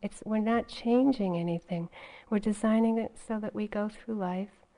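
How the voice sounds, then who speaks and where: A woman's voice: mid-range voice, moderate pace, dark tone, poor audio. A woman meditation teacher giving a dharma talk in a conversational way, often adding "you know" as she goes.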